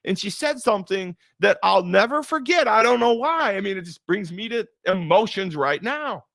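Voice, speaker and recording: A middle-aged man delivers a faith-based motivational talk in a fairly high voice. He hammers his points home through repetition, with the rolling cadence of a preacher. The sound is close and dry, with no room around it. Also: animated, normal speed, creaky, fairly bright tone, dry recording. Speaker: motivational speaker.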